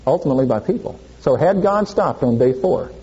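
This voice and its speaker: A man's voice: medium pitch, lively intonation, a little fast, warm tone, muffled recording, a little hiss or hum. A male preacher giving a sermon, asking the congregation questions and answering them himself.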